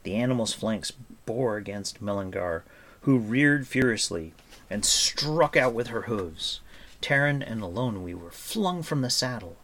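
Rich: A man reads a storybook aloud in a low voice with plenty of gravelly fry. His narration is steady and expressive, carrying the action along. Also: measured pace. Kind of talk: storybook reading.

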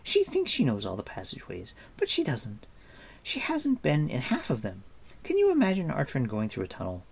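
A man reading an audiobook and voicing a chatty, mischievous young girl who scolds and teases in a high, quick voice. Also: huge pitch swings, creaky, slightly rough, full character voice. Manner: quick, teasing and impatient. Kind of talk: audiobook character voice.

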